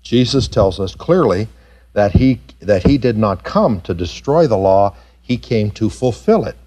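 A man preaching a sermon to his congregation, animated and rising high in pitch when he acts out doubters. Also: unhurried. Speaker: pastor. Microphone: pulpit mic recorded for tape.

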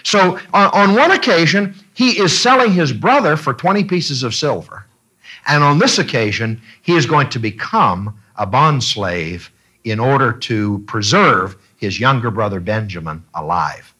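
A man leading a Bible study class, talking in an animated way and often repeating himself with fillers. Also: mid-range voice, measured pace, husky.

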